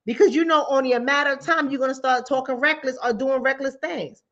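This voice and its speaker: A woman with a fairly high voice hosts a mental health talk show in casual, emphatic speech. She repeats key phrases to hammer her points home. The recording sounds dull and lo-fi. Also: fairly even intonation, a little fast, a bit bright. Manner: informal speech, acts out callers and her own replies. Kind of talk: conversational commentary.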